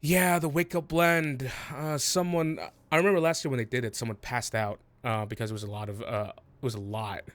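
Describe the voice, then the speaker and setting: A man's voice: mid-range voice, steady tone, fairly quick, few pauses, a bit bright, dry recording, faint music behind. A man narrating a tabletop role-playing game as game master, rambling and hesitant with many fillers.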